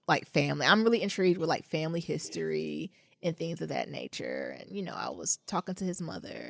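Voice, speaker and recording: A woman co-hosting a podcast in casual chat, animated and joking, with lots of exclamations. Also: on the low side, creaky, no room sound. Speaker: podcast co-host.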